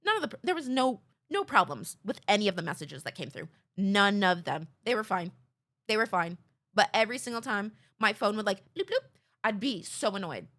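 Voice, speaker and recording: A woman's voice: mid-range voice, sing-song, a little fast, a bit bright. A young woman streamer chatting casually with her viewers, rambling, swearing and laughing at herself. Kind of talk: casual chat with chat.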